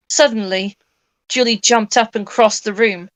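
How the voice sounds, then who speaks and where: A woman's voice: medium pitch, steady tone, a little slow, no room sound. A woman reading a horror story aloud as co-reader, voicing the narrator's panic dramatically.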